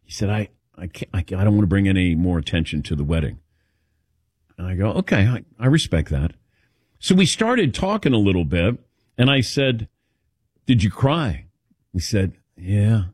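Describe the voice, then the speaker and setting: Male show host with an animated, swooping delivery, recorded dry and close. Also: sits low, moderate pace, breathy edge, dry recording. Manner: animated storytelling, calls on co-hosts by name. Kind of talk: casual sports talk chat.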